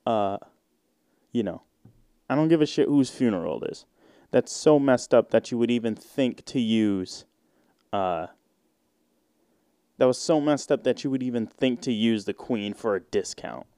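A man's voice: mid-range voice, big pitch swings, measured pace, warm tone, dry recording, clean studio sound. A man hosting a solo podcast, ranting in a casual, indignant way with lots of swearing and filler words. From United States. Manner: profane, indignant, rambling with many fillers. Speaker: podcast host.

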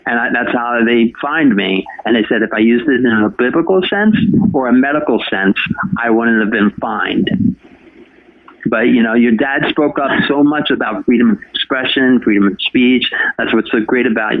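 A man's voice: mid-range voice, normal speed, no room sound. Chatty man on a tinny line. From New Jersey. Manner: chatty storyteller, talks to anybody. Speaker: radio host. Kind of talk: casual interview. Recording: dry phone-line sound.

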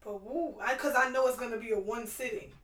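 A woman co-hosting a podcast, chatting casually and telling stories in an animated way. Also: on the high side, brisk, echoey room, distant mic, rough recording. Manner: animated storyteller, laughs often. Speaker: podcast co-host. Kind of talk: casual chat.

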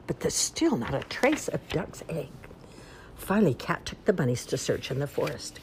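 A woman reading a children's picture book aloud in an expressive, sing-song way. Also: deep voice, moderate pace, slight background noise. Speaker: storyteller. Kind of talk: children's storybook read-aloud.

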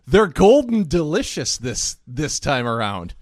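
A man co-hosting a podcast in casual chat, teasing and chuckling through relaxed banter. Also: fairly high pitch, a little slow, no echo, studio quality. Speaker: podcast co-host.

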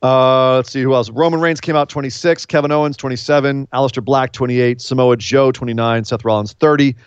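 Emotional excitable man recapping wrestling. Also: medium pitch, fairly quick, clear, resonant tone, no echo, dull audio. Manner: excitable, gets choked up, emphatic. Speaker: podcast co-host. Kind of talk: casual wrestling recap chat.

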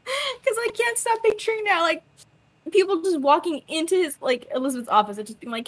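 A woman's voice: very high voice, big pitch swings, quick pace, a little hiss or hum. A young woman co-hosting a podcast in casual chat, talking animatedly and acting out quotes with laughs. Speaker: podcast co-host.

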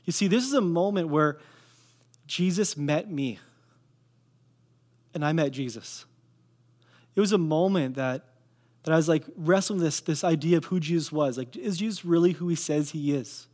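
Young Canadian man, slightly high voice, casual earnest testimony sermon. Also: normal speed, long pauses, darkish tone. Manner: casual, earnest storytelling with fillers.

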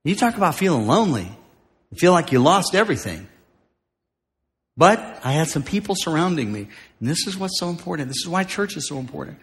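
A man preaching a sermon as pastor, moving from joking asides to shouted declarations. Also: a little high, sing-song, brisk. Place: large church auditorium. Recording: live in a large hall with music behind.

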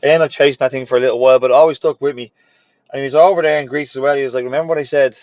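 Racing through his story, this former personal trainer who now owns a gym is candid and motivational, cursing often and hammering points home by repeating phrases. His voice sits at a middling male pitch with a steady, darkish tone. The audio sounds a bit dull and lo-fi and is completely dry, with no room sound.

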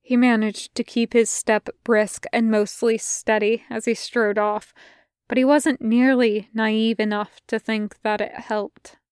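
A woman narrating a fan fiction audiobook in a measured, intimate way, close to the mic. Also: fairly high pitch, level tone, darkish tone, clear, resonant tone, no echo. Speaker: podfic reader.

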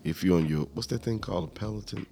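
A man hosting a casual talk show, teasing his guests and laughing often, with drawn-out emphatic phrases. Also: on the low side, vocal fry, mellow. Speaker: podcast host. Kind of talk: casual chat.

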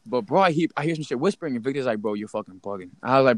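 Young man, casual animated storyteller, slangy, dry sound. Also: mid-range voice, fast talker, few pauses, dry recording. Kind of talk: casual chat.

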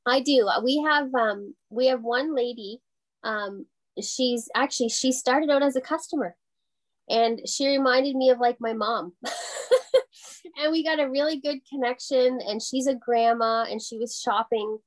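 Mom shop owner, 40s, rambly w lots of likes and laughs, kinda high pitched. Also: female voice, unhurried. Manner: chatty, heavy on fillers like "you know", laughs often. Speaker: boutique owner guest. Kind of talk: casual interview chat.

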